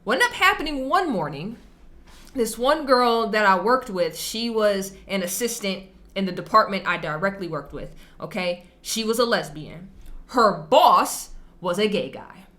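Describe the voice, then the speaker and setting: Animated, bright-voiced woman telling stories. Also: medium pitch, a little slow. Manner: animated storytelling, slangy and emphatic. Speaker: host reacting to a video. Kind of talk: casual reaction commentary.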